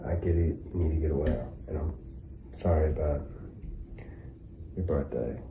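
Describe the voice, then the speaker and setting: A calm, soft-spoken husband from a comedy skit, played by a man, his voice very low and unhurried. He hesitates often as he speaks. The clip sounds roomy, with steady background noise.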